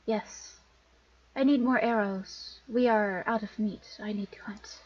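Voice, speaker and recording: A woman's voice: medium pitch, unhurried, recorded from a distance, lightly acted. A woman voicing a joking male moon elf hunter who puts on a mock-foreign accent. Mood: teasing. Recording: dull lo-fi recording.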